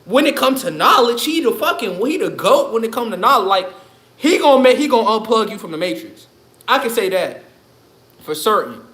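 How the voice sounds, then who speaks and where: A man's voice: sits high, big pitch swings, a little fast, fairly bright tone. A man ranting on his livestream in a loose, profane, rambling way, laughing often. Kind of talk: casual livestream rant. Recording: echoey room.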